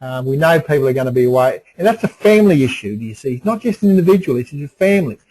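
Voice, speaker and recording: A man's voice: fairly high pitch, animated, fast, a little mellow, a little hiss or hum, low-quality recording. A middle-aged man presenting a webinar in a folksy way, repeating phrases and restarting often. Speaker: webinar presenter on emotional resilience.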